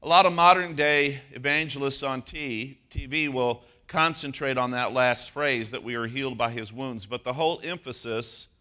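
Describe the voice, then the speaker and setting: A man preaching a sermon as pastor, moving from a personal story to emphatic, slowed stress on key words. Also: mid-range voice, bright, forceful tone.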